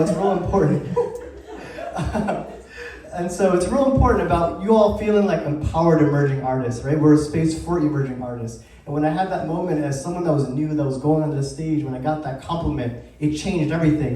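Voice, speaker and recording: Speaking a little fast in a warm, slightly high voice, a community group's founder in his thirties delivers a cheerful anniversary speech and quizzes the crowd. The live event space echoes heavily, and the recording catches him from afar.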